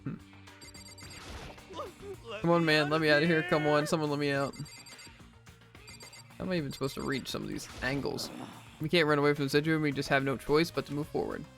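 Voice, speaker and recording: A man's voice: on the high side, brisk, gravelly, long pauses, fairly bright tone, soft background music. A man streaming a visual novel, reading every character's dialogue aloud himself and adding jokey asides. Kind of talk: let's play, reading game dialogue aloud.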